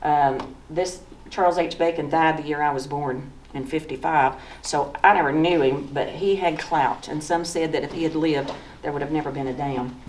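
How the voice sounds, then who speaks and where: A woman's voice: low-pitched, normal speed, hardly any pauses, darkish tone, slight background noise. A woman in her sixties from East Tennessee with a Southern accent, telling folksy stories as she walks through old photos in a museum talk. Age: 60s. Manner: folksy, storytelling, pointing at photos. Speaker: author giving a talk. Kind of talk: slideshow talk with personal memories. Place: museum lecture room. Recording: echoey room from far off.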